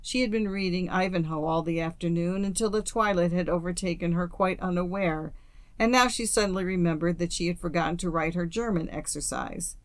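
A woman reading a classic story aloud as an audiobook narrator, in a steady, measured way. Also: fairly low pitch, no echo. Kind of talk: scripted narration.

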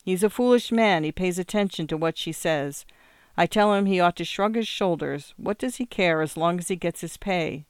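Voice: mid-range voice, normal speed, smooth, dry recording, lightly acted. A reader voicing a blunt German housekeeper woman who speaks broken English in a shrugging, plain-spoken way. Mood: indignant.

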